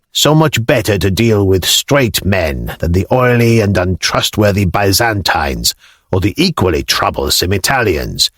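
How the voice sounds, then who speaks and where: A man reading as a deep-voiced older Norman lord, blunt and commanding, his pitch lowered and swinging widely through each line. He speaks plainly and forthrightly, in a dry, close storybook read. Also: no echo, heavily acted.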